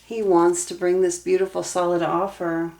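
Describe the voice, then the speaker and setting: A woman's voice: on the low side, little pitch movement, normal speed, creaky, darkish tone, slight background noise. A young adult woman giving a tarot reading, earnest and emotionally invested as she talks through the cards aloud. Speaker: tarot reader.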